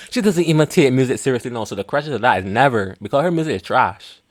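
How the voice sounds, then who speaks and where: A man's voice: mid-range voice, lively intonation, fast. A young man hosting a reaction video, mocking and blunt in casual commentary, often laughing at what he watches.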